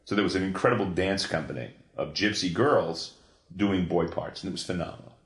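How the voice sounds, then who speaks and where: A man in an interview, telling a long story in an animated, profane way, full of restarts. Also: deep voice, brisk. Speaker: guest, comics creator. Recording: echoey room.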